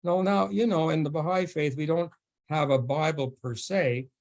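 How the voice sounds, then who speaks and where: Halting, slightly high-voiced man telling a story. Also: a little mellow. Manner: halting, with many restarts and fillers; laughs often while telling the story. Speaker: guest speaker at a faith forum. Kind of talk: storytelling talk.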